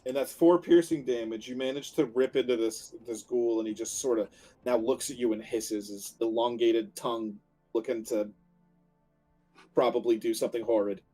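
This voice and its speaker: A man narrating a tabletop game as its dungeon master, his voice sitting at an ordinary middle pitch. He describes the action in a loose, easygoing way, with fillers and restarts, and faint music plays behind him. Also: steady tone, normal speed, dark tone, poor audio.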